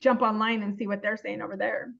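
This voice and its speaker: A woman co-hosting a live video call, bubbly and quick to laugh, moderating questions. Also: medium pitch, flat delivery, vocal fry, a bit bright, highs cut off. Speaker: co-host.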